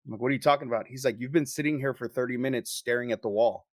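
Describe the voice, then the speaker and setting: A man of middle pitch tells a story on a podcast in loose, casual chat. He swears often and tells it with animated energy. The sound is dry and close, with no room around it. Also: rapid-fire, dry recording. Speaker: podcast co-host.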